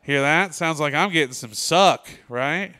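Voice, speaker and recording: A male comedian doing a stand-up set in a comedy club, telling deadpan stories and quoting the people in them. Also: fairly high pitch, measured pace, clean tone.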